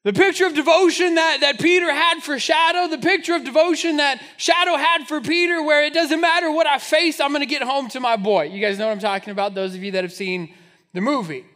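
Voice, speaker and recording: A man in his thirties preaching a sermon to his church, telling a personal story with animated, self-mocking humor. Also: extremely high pitch, a little fast. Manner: storytelling, animated, laughing at himself. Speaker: pastor. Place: church sanctuary.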